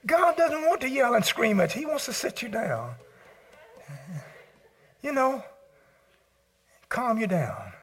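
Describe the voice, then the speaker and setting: A man preaching a sermon as pastor, swinging between shouted peaks and hushed low passages and calling out to the congregation. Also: big pitch swings, slow pace, long pauses, breathy edge. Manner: calls out to the congregation. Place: church service.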